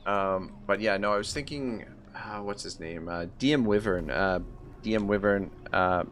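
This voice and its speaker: A Canadian-accented man streams a strategy game, rambling with many fillers and restarts while chatting with viewers and reading their messages aloud. His voice is lowish and fairly bright at a normal speed, with a little hiss or hum.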